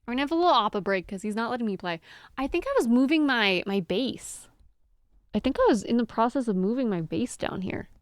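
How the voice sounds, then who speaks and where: A young woman streams a game from home, chatting easily and giggling as she greets viewers and fusses over her dog. Her voice sits fairly high and comes through a desk microphone. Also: lively intonation, fairly quick, no echo, studio quality. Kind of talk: casual live-stream chat. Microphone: desk microphone on a squeaky stand.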